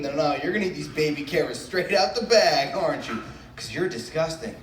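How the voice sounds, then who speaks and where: Stand-up comic in an echoey room. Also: male voice, fairly high pitch, lively intonation, brisk, a little hiss or hum. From Brookline, Massachusetts. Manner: loose, self-mocking, riffs with the crowd. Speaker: stand-up comedian. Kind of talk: stand-up comedy set. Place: comedy club stage. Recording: echoey room from a distant mic, faint crowd ambience.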